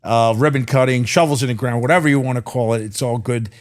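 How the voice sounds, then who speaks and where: A man's voice: medium pitch, fast. A man hosting a podcast interview, asking long, rambling questions in a chatty way. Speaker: podcast host. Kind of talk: casual interview talk.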